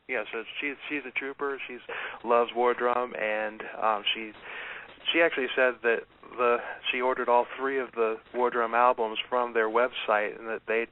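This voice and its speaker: A male radio host who stumbles and restarts his sentences, poking fun at his own voice. His voice is mid-pitched and comes through a narrow, phone-like line. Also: steady tone, measured pace. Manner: hesitant, many restarts, self-mocking. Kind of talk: casual internet radio chat. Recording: tinny phone-line sound.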